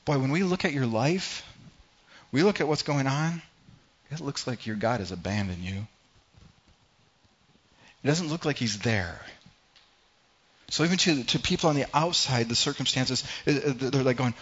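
A man preaching a sermon in an earnest way, often repeating words and dropping low and quiet for emphasis. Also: normal speed, dull audio. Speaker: pastor.

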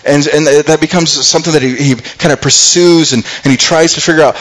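A man's voice: on the high side, brisk, fairly bright tone, low-quality recording. A male pastor preaching a sermon, retelling a scripture story earnestly and often repeating words as he goes.

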